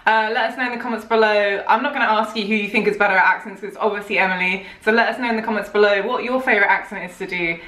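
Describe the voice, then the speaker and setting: A woman's voice: medium pitch, fairly even intonation, rapid-fire, hardly any pauses, pushed and bright. Giggly woman in an echoey room. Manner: giggly, self-deprecating. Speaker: vlogger host. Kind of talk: casual chat, reading aloud in put-on accents.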